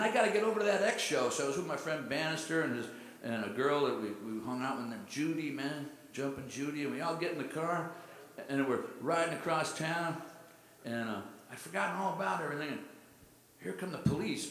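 A man's voice: fairly high pitch, fairly bright tone. Laid-back man telling stories in an echoey hall. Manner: laid-back rambling storyteller, says "man" a lot. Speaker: singer-songwriter performing on stage. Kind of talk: storytelling between songs at a concert. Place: live music venue, heard from a hall. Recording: roomy live hall with long reverb.

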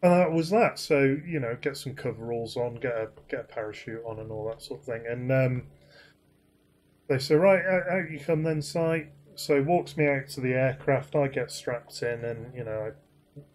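A man's voice: mid-range voice, normal speed, a little mellow, a little hiss or hum. A man casually telling a rambling, self-deprecating anecdote, full of fillers and restarts. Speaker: flight sim streamer.

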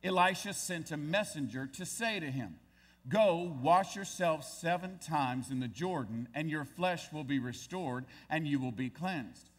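A man's voice: on the high side, expressive, a little slow. A male pastor preaching a sermon, reading scripture aloud and then pressing his points with growing emphasis. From United States.

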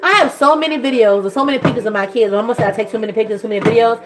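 Gushing woman, fairly high voice. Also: very fast, music in the background. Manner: rambling and gushing, swings into high excited voices. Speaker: vlogger and mother. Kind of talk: casual chat to camera.

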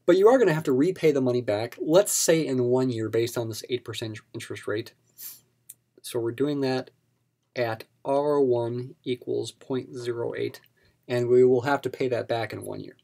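A man explaining a math problem step by step in a recorded lesson. His pitch sits in the middle range, and his delivery is patient and methodical. He keeps coming back to key terms for emphasis. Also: normal speed, gravelly, dark tone. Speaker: math instructor.

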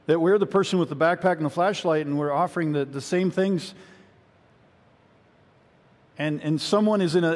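A man preaches a sermon in a high, husky voice, drawing his listeners into a story he builds step by step. He circles back to the same phrases and often restarts a sentence. His voice carries with a long reverb through a church hall. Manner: storytelling, guides listeners through an imagined scene; repeats phrases, frequent restarts. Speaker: pastor.

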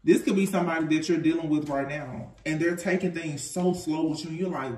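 A man's voice: a little high, a little fast, hardly any pauses, distant mic. Chatty man reading tarot, echoey room. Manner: animated, chatty, laughs often, informal slang. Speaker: tarot reader. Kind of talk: casual tarot reading to camera. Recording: echoey room, off-mic, faint noise.

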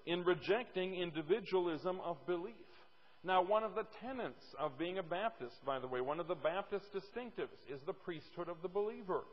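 A man's voice: sits high, big-room sound, highs cut off. A male pastor preaching a sermon emphatically, repeating words for stress, at a church pulpit mic.

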